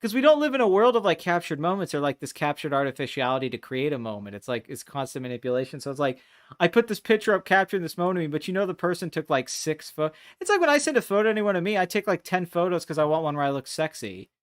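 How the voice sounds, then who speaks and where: A man hosting a casual live stream chat, talking in animated, rambling bursts with restarts and plenty of swearing. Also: on the high side, quick pace. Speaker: podcast host.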